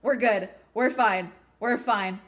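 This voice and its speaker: A woman hosting a live watch-along, chatting casually and breaking into excited cheers and laughter. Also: a little high, takes it slowly. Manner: swears casually.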